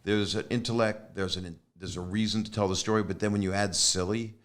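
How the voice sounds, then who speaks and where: A man's voice: lowish voice, fairly even intonation, brisk, fairly bright tone. A man hosting an interview, speaking in an earnest, reflective way that trails off. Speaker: host. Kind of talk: casual interview chat.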